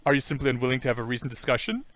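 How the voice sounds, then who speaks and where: A man's voice: medium pitch, very animated, very fast, fairly bright tone, no echo. A man voicing an overly polite male sea lion who keeps pressing for a debate with formal, insistent courtesy. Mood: prim, pestering.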